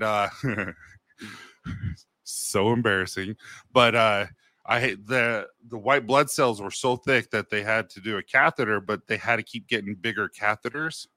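A man's voice: lowish voice, pushed and bright, no room sound. A man in his thirties co-hosting a podcast, telling a story about himself in a candid, self-deprecating, casual way. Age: 30s. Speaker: podcast co-host.

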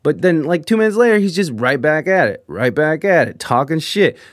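A man tells rambling, profane stories about the people he deals with at work, often breaking into laughter. His voice sits fairly high for a man. The sound is dry and close, with no room echo. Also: lively intonation, brisk. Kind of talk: casual storytelling.

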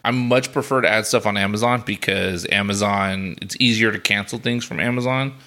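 A man's voice: fairly low pitch, fairly even intonation, brisk, sharp tone. A young man co-hosting a podcast, chatting casually and at length in a laid-back, talkative way. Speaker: podcast co-host. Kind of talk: casual chat.

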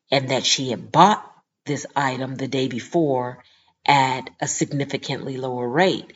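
Low-voiced woman podcast host. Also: highs cut off. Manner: animated, indignant storytelling with lively quoted voices. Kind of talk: casual storytelling monologue.

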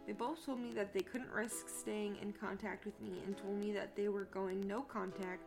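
A woman's voice: medium pitch, little pitch movement, normal speed, gravelly, music in the background. A young woman co-hosting a podcast in casual chat, reading a post aloud and then swearing indignantly about it. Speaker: podcast co-host.

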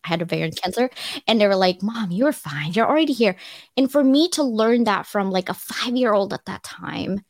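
A middle-aged woman tells her own story at an online audio event, candid and animated, her voice often pitched between laughter and tears. Her pitch sits in a middle range. The sound is dry and close, with no room around it. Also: normal speed, no room sound. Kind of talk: emotional personal storytelling.

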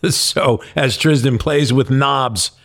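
An older man with a voice of ordinary pitch chats on a studio mic. He tells stories with animation and often laughs as he talks. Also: slow, vocal fry, fairly bright tone. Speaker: podcast co-host. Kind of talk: casual podcast chat.

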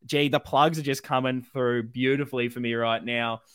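A man's voice: medium pitch, fairly even intonation, normal speed, a bit bright, smooth, no echo, studio quality. A man with an Australian accent co-hosting a casual fan podcast, rallying supporters and plugging the show with enthusiasm. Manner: enthusiastic, rallying, plugs socials. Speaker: podcast co-host.

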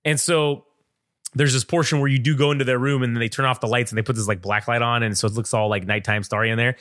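A man's voice: mid-range voice, fairly even intonation, quick pace, a bit bright, no echo, studio quality. A man co-hosting a casual podcast, telling a long rambling story full of swearing and acted-out quotes. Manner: profane, rambling, acts out quotes in funny voices. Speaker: podcast co-host.

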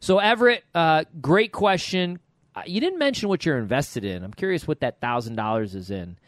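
A middle-aged man co-hosting a podcast, chatting casually and telling stories with animated quotes. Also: on the high side, moderate pace, no room sound. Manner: lively storyteller, animated quotes. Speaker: podcast co-host.

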